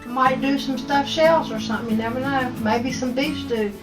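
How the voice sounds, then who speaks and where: High-voiced Appalachian woman chatting while cooking. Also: moderate pace, distant mic, poor audio. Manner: homey, chatty, teasing. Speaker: cooking show host. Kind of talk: casual kitchen chat. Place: home kitchen. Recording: voice from away from the mic, faint music.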